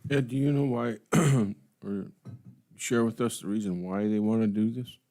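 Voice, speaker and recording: A man speaking as a county commissioner at a public meeting, halting and hedging with many restarts. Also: lowish voice, darkish tone.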